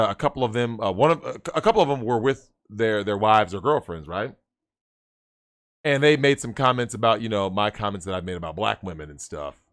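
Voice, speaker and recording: A man telling a story in casual chat, animated, swearing and repeating himself. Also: mid-range voice. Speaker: guest.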